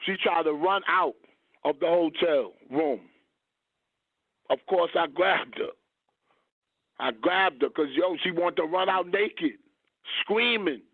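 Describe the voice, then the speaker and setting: A man's voice: fairly high pitch, slow, pauses often, dry recording. Man telling a story on a phone-thin radio line. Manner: rambling, searches for words with long ums. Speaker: radio show host. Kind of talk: casual radio talk, storytelling. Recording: dry phone-like radio audio.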